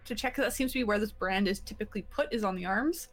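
Woman player, animated pitch, quick in-character lines. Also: low-quality recording. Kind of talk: playing a tabletop game.

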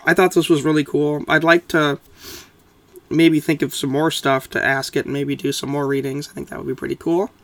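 Relaxed wry podcast host, dry sound. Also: male voice, fairly high pitch, fairly quick, dry recording. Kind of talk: interview wrap-up.

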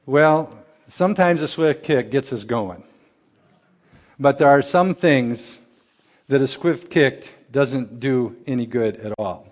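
A man's voice: medium pitch, slow pace. A middle-aged man preaching a sermon as pastor, folksy and storytelling in manner. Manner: folksy storyteller, acts out characters in a joke. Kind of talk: sermon with a told joke.

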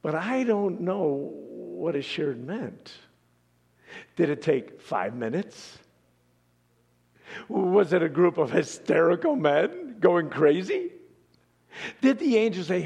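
Male pastor, sermon; slow, very animated delivery, reverb-heavy hall. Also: on the high side, gravelly, slightly rough. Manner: dramatic, questioning, drops to near whispers then rises.

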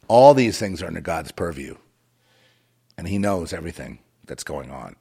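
A man's voice: low voice, expressive, normal speed, gravelly, warm tone, slightly rough. A man delivering a rambling, moralizing monologue with a sardonic, digressive way of talking.

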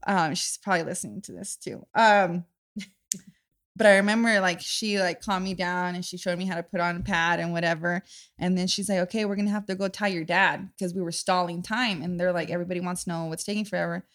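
Bright-voiced woman telling lively stories. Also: fairly quick. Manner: animated storyteller, acts out voices with loud high bursts and laughter. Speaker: podcast host. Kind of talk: casual chat.

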